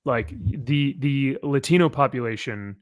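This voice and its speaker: A man hosting a casual panel chat about comics, animated and joking, from Southern California. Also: mid-range voice, a little slow, no echo, studio quality. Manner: animated, mimics people with loud put-on voices. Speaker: podcast host.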